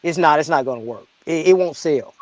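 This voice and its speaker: A man with a notably high voice talks in loose podcast chat. He is animated and stumbles over repeated words as he builds his point. The sound is dry and close. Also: fairly quick, dry recording. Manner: animated, repeats words while getting going. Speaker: podcast co-host. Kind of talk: casual chat.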